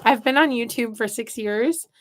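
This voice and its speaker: Speaking at a normal speed in a voice on the high side, a gardening host from the Midwest adopts a fake Southern US accent. She casually chats and jokes with viewers during a live stream as she works, talking to her seedlings too.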